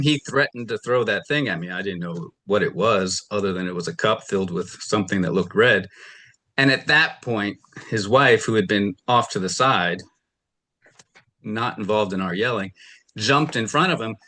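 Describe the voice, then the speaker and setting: A man with a low but bright, forceful voice gives courtroom testimony. He rambles through his side of a neighbor dispute, stopping to act out what each person said. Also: moderate pace. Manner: rambling, retells arguments with quoted dialogue. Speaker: litigant testifying. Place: television courtroom.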